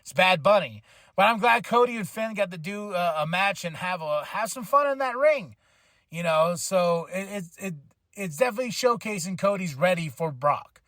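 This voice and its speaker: A podcast host gives a casual, rambling wrestling recap, animated and acting out what people said. His voice is high and his pace moderate, in a dry, studio-quality recording.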